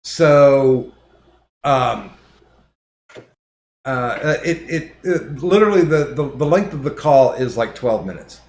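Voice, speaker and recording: A male podcast host telling a story in casual chat. His voice sits at an ordinary middle pitch, and he swears a lot. He stumbles over restarts as he works himself up. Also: expressive, slow, long pauses, a little mellow, slight background noise. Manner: profane, heated retelling with many restarts.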